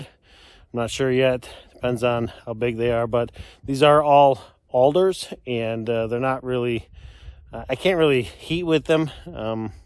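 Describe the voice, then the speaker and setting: A man's voice: mid-range voice, clear, resonant tone, no echo, clean studio sound. A middle-aged man, out of breath, chatting casually and rambling with self-deprecating asides while working outdoors on a snowy road. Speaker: homesteader vlogger.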